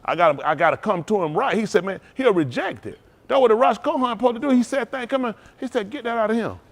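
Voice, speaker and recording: Pastor, male, higher-pitched, preaches with a call-and-response drive, from loud to hushed. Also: fast, gravelly. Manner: rousing call-and-response preaching, Southern Black church cadence; animated, swings between loud and hushed. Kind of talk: sermon.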